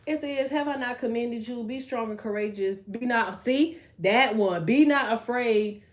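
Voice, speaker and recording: A woman's voice: on the high side, a little slow. A woman hosting a tarot live stream, chatting casually and bluntly with her viewers, laughing often and reading their comments aloud.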